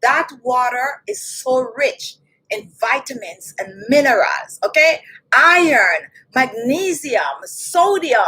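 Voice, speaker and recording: A woman's voice: sits high, bright, forceful tone, rough recording. A woman with a Jamaican accent, a beauty vlogger chatting casually on a livestream, addressing viewers directly and often asking "okay?".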